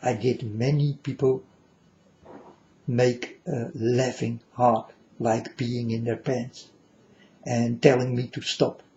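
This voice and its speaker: A man's voice: mid-range voice, level tone, slow pace, a little mellow, dull audio, a little hiss or hum. A man giving an earnest, solemn monologue to his viewers, repeatedly calling them folks. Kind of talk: emotional monologue to camera.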